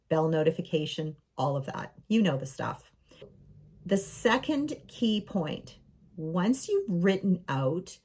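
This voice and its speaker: A woman's voice: lowish voice, darkish tone. A middle-aged woman coaching viewers on their homes in an enthusiastic, affirming way, calling them her friends. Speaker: space and home coach. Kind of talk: motivational coaching talk to camera.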